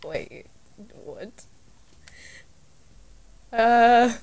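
Girl doing a flustered giggly nerd, stammery, voice bouncing all over, kinda high. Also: animated, extremely slow, darkish tone, a little hiss or hum, heavily acted. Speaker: roleplay player. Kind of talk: casual Minecraft roleplay.

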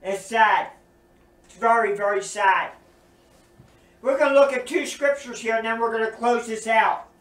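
A man's voice: very high-pitched, normal speed, pauses often, fairly bright tone. A man preaching a sermon, earnest and emphatic, repeating his points. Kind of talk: recorded sermon teaching. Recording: roomy echo, distant from mic.

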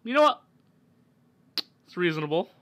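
Animated man streaming with a cold. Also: high voice, moderate pace. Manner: animated, swears, loud frustrated outbursts. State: sick with a cold, coughing. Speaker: gaming streamer. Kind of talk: casual let's-play commentary.

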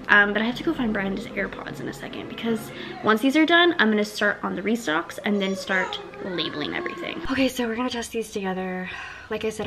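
A woman's voice: fairly high pitch, gravelly. A young woman, chatting casually to camera about her small business, gushing and sometimes dropping to a whisper. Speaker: vlogger running a small wax melt business.

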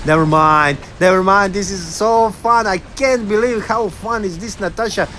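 A man giving excited commentary on his own online game at home, laughing often and talking to his viewers. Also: sits high, moderate pace, few pauses, a little hiss or hum. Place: at home, son in the room.

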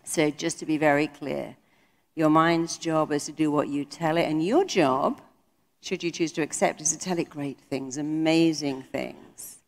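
A woman's voice: deep voice, fairly even intonation, measured pace, in a large hall. A middle-aged woman giving an emphatic motivational talk to a live audience, acting out quoted voices. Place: conference hall.

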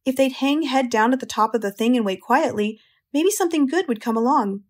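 A wise female spider, calm and collected, as a woman narrator puts her on. She speaks in a measured, reassuring way, firm but kind. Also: high voice, voice pushed up. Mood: musing.

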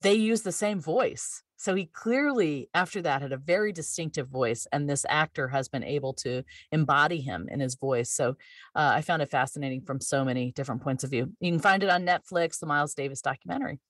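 Low-voiced woman podcast co-host. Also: brisk, fairly bright tone, no room sound, studio quality. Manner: enthusiastic, thoughtful, with frequent fillers. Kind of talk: casual podcast chat.

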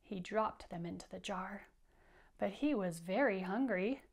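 A woman's voice: mid-range voice, measured pace, vocal fry. A woman teacher leading an interactive children's read-aloud, patient and encouraging as she counts along with the kids.

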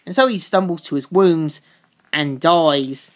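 A comic book reviewer, a woman with a fairly low voice, recaps a comic's plot in an unhurried, casual way. She rambles, circling back and restarting her sentences as she retells it.

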